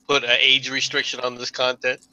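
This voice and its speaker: A man's voice: mid-range voice, pushed and bright, no echo, dull audio. A man from the United States in casual chat who reads tweets aloud and talks history with eagerness.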